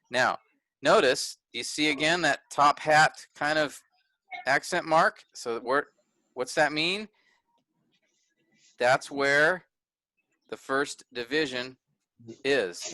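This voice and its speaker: Slow, bright-voiced man teaching online. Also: medium pitch, dry recording. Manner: patient, often checks understanding. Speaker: Bible teacher. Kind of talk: online workshop lecture. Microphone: video call.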